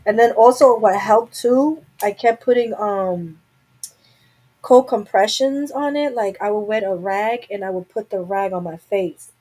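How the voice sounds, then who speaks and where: A young woman hosts a relaxed livestream from her home. She talks openly and rambles on at an ordinary mid pitch, as if she were catching up with a friend. She is recorded on a simple webcam-style mic. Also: unhurried, poor audio. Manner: candid, rambling, talks to herself. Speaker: live stream host. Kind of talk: casual chat to viewers.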